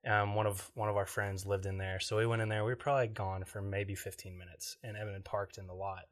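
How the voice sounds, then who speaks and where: A man's voice: lowish voice, level tone, quick pace. A man co-hosting a casual podcast, telling stories and often laughing as he talks. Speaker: podcast co-host.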